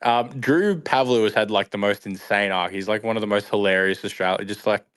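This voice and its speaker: A man hosting a livestream, chatting casually and joking with quick asides. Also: lowish voice, a bit bright, clean tone, no echo. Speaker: host.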